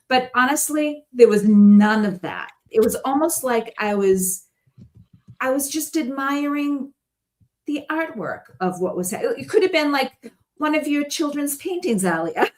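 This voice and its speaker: A woman guest in casual conversation, telling stories in a chatty way and laughing often. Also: sits high. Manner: chatty storytelling with frequent laughs.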